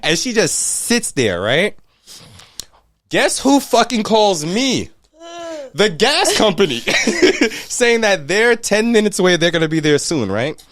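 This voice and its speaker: Man, podcast co-host, profane, storytelling, lively pitch, dry close mic. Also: slow, no echo. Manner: profane, animated retelling with quoted voices. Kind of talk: casual chat, storytelling.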